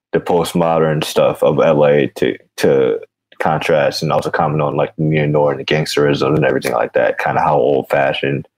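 A man's voice: a bass voice, a little mellow, no room sound. A man talking as a podcast guest in casual chat, rambling and drifting into tangents.

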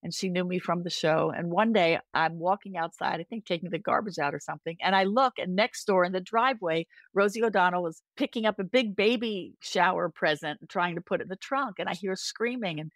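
An older woman, a podcast guest, telling stories in casual chat, animated and lively, acting out quoted voices. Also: a little fast, few pauses, dry recording. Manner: animated, acts out quoted voices with big pitch jumps.

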